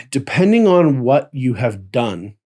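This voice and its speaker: A man's voice: mid-range voice, very animated, slow, a little mellow. A man co-hosting a casual chat about tabletop role-playing, explaining at length and checking in with "right?" as he goes. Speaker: podcast co-host.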